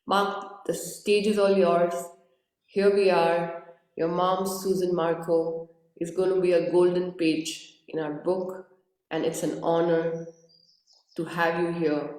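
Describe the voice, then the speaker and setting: A woman's voice: lowish voice, level tone, slow pace, a little mellow. A woman from India hosting a live interview, sounding groggy and speaking in an earnest, effusive way that repeats words. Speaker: host. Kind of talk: live-streamed interview introduction. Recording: very echoey room.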